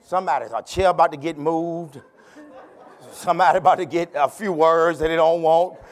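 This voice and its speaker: A bishop preaching a sermon at a church service, calling out to the congregation and building to shouts, repeating phrases for emphasis. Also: male voice, fairly high pitch, moderate pace. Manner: repeats phrases, tells listeners to turn to neighbor.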